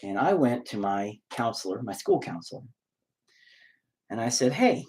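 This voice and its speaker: A man ranting to camera about how men are expected to hide their feelings, swearing often, swinging between loud outbursts and low mutters, and close to tears at times. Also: lively intonation, moderate pace. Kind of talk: unscripted rant to camera.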